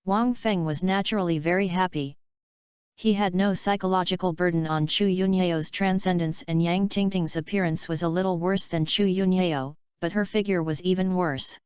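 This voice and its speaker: A woman reads an audiobook in a steady, even way. Her voice is low and very clear. The recording is dry and slightly dull and lo-fi. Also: normal speed, no echo. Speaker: audiobook narrator. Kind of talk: scripted narration.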